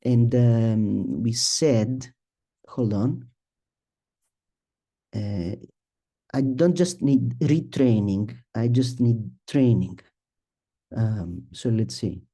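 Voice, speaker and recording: A middle-aged man presenting a statistics talk at a symposium, speaking haltingly, restarting sentences and thinking aloud as he works through his slides. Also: medium pitch, dark tone. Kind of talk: academic statistics lecture.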